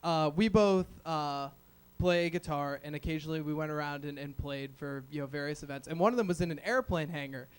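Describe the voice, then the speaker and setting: On the stage of a small open-mic venue, a young comedian mocks himself through a meandering set packed with filler words. He talks fairly quickly in a clear, resonant voice on the high side.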